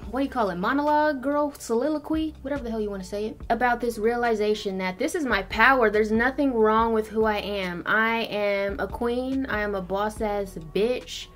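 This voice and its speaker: A woman in her twenties chatting bluntly while doing her makeup, with a lot of swearing and animated storytelling. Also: a little high, normal speed, hardly any pauses. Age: 20s. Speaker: beauty vlogger.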